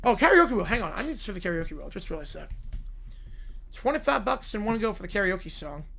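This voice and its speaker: A hoarse man streaming, giving quick offhand replies to chat in a casual Q&A. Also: high voice, very animated, fairly bright tone. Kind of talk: casual livestream Q&A.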